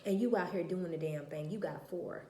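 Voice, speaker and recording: A woman with a low, mellow voice speaks in a roomy, echoey space. She tells her story bluntly and with emphasis, swearing freely. It sounds like a casual home vlog. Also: moderate pace. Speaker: vlogger, mother of four.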